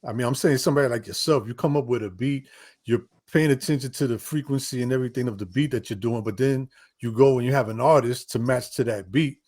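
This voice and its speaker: A man's voice: medium pitch, fast talker, darkish tone. A man hosting a casual interview, agreeable and curious, often answering "right, right".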